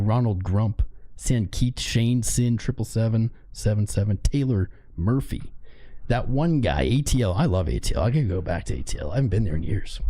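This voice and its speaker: A man with a hoarse, worn-out voice hosting a livestream, loosely and playfully calling out viewers by name. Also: fairly low pitch, mellow. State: hoarse, voice mostly gone. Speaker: crypto trading livestream host. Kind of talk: casual livestream chat.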